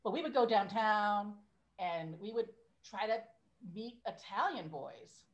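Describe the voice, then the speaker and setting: A woman's voice: mid-range voice, lively intonation, a little slow, lo-fi sound. A woman in her fifties, a podcast guest, chatting casually and laughing at herself. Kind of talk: casual chat.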